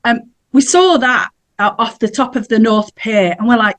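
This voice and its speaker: A woman's voice: a little high, moderate pace. Woman, middle-aged, chatty, laughs while telling stories, podcast guest. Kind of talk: casual storytelling.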